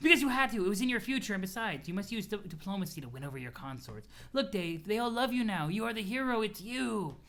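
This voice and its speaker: A reader voicing a strange, teasing teenage girl troll who talks slowly and mock-solemnly in a lowered voice. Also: big pitch swings, fairly bright tone.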